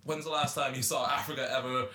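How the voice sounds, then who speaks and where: A man chats on a podcast in an animated, joking way, often breaking into laughter. His voice sits at a middling pitch for a man. He delivers his opinions with lively energy. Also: fast. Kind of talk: casual podcast discussion.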